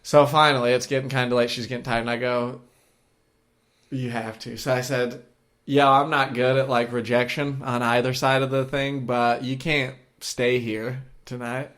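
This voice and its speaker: A man's voice: medium pitch, a bit bright. Crude laughing man telling a story. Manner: crude, rambling, laughs through his story. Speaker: podcast co-host. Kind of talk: casual storytelling chat. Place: shared room with co-host.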